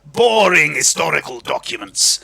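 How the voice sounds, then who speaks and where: Brash Scottish nobleman, loud, jovial, bright. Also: sing-song, normal speed, creaky, slightly rough, full character voice. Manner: booming, jovial, shouting. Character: blustering hearty northern lord, loud.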